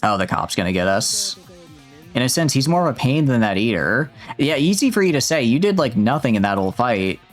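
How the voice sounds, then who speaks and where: A man's voice: medium pitch, big pitch swings, fairly quick, faint music behind. A young man casually streaming a game, reading the dialogue aloud and joking with his chat, with a slightly sore throat. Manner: jokey, chatty, reads lines out with asides to chat.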